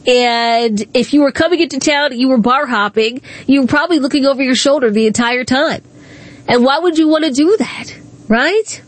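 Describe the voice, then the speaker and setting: A woman's voice: sits high, normal speed, no room sound. A woman hosting a radio talk show, taking calls and giving her opinions in a conversational way. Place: radio studio.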